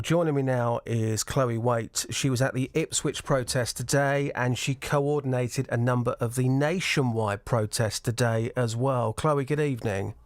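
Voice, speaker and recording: A man presenting a radio show, interviewing people outdoors at a protest in an animated, sympathetic way. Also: mid-range voice, no room sound, studio quality. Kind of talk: radio interview and reading placards.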